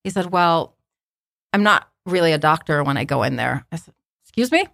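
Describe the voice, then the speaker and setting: A woman telling a personal story on a podcast, in a casual, animated way, acting out what people said with many fillers. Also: deep voice, moderate pace, gravelly, dry recording. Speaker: guest telling her story.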